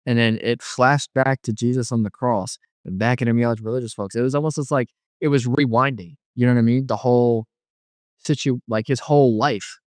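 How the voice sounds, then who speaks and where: Young man, casual testimony, middle pitch, lively storytelling, acts out reactions, dry close sound. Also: a little fast, dry recording. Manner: animated storytelling, acting out his own reactions with slangy asides. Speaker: guest sharing his testimony.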